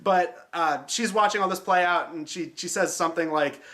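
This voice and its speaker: A man's voice: high voice, normal speed, sharp tone. A man hosting a film review show, talking casually and sarcastically and swearing often. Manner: sarcastic, swears freely, mocking.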